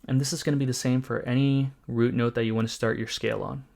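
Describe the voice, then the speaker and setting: A man at middle pitch explains music theory in a calm, methodical way. He walks through scales and chords one step at a time, like a patient tutor. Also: fast talker, creaky. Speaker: music production teacher.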